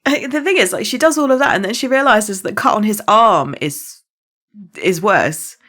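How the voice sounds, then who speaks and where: A woman co-hosting a podcast, explaining things in an animated way and laughing often. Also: medium pitch, normal speed. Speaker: podcast co-host. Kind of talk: casual podcast chat.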